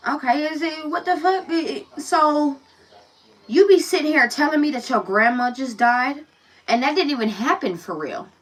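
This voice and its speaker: A woman's voice: high voice, moderate pace, distant mic, poor audio. A woman giving a casual tarot reading, telling a personal story and talking bluntly and profanely straight to the viewer. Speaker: tarot reader.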